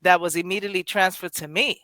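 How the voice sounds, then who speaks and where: A woman's voice: fairly low pitch, steady tone, quick pace, bright, forceful tone, no room sound. A woman hosting a poetry podcast, speaking emotionally in casual chat, rambling with many restarts and self-corrections. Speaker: poetry show host.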